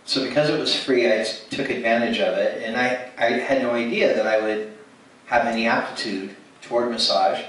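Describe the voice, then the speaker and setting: A man's medium-pitched, slightly bright voice stays fairly even in intonation and normal in speed as he gives a testimony sermon at a ministry event. Telling his story, he acts out dialogue and frequently restarts, heard from far off in an echoey church hall with faint noise.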